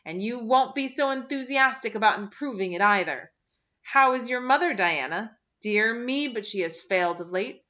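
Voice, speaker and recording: A woman's voice: fairly high pitch, expressive, normal speed, bright, forceful tone, muffled recording. A woman reading the part of a sour, gloomy woman of fifty-seven who talks in a scornful, clipped way.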